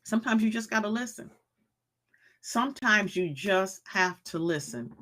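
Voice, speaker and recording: Female live-stream host, preachy and repetitive, bright, forceful tone, reads the chat aloud. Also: mid-range voice, lively intonation, normal speed. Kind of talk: motivational live-stream talk.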